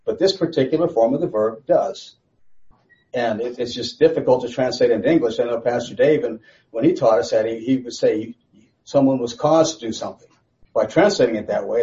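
A man's voice: medium pitch, fairly quick, warm tone. Rambling male Bible teacher, muffled recording. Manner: conversational and rambling, with frequent restarts. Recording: slightly dull lo-fi recording.

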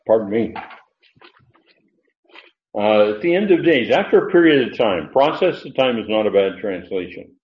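A man preaching a sermon, explaining a Bible passage verse by verse in an unhurried, digressive way with many fillers. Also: lowish voice, animated. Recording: roomy, muffled.

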